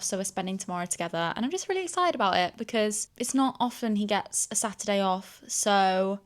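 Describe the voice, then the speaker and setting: A woman's voice: mid-range voice, expressive, fairly quick, few pauses. Chatty young woman vlogging at home. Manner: chatty, self-deprecating, rambling, exclamatory. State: hot and sweaty. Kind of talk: casual chatty vlog to camera. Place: small house indoors.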